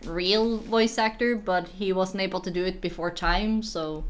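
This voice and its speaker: A woman's voice: medium pitch, steady tone. Giggly Norwegian woman hosting a stream. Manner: giggly, playful, halting with fillers. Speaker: stream host. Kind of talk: casual chat.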